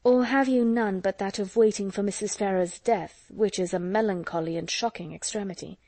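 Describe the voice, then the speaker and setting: A woman reads a composed, reserved young lady from a storybook, speaking in measured, polite tones. Her voice is mellow and sounds close and dry. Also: medium pitch, no echo, close to an everyday voice. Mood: restrained.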